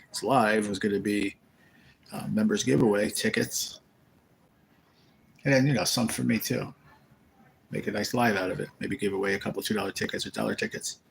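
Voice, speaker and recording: A man's voice: lowish voice, gravelly, a bit bright, slight background noise, rough recording. A man hosting a casual live stream from a rehab facility room, rambling as he retells conversations.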